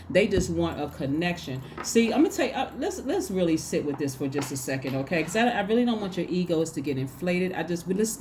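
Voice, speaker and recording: A woman's voice: lowish voice, darkish tone, a little hiss or hum. A woman giving a casual tarot reading, talking emphatically and acting out little quoted exchanges. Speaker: tarot reader.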